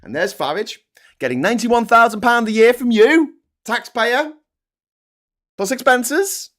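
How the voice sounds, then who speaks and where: A man delivering a profane, sardonic political rant. His voice is fairly high and swings widely in pitch. He jabs at his targets with mocking asides. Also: lively intonation, unhurried, a bit bright. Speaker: political commentary vlogger. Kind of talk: ranting political commentary.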